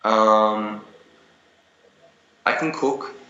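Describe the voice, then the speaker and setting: A man's voice: on the low side, extremely slow, bright, forceful tone, roomy sound, muffled recording, a little hiss or hum. A young man being interviewed over a video call, telling stories in a rambling way with many restarts and fillers.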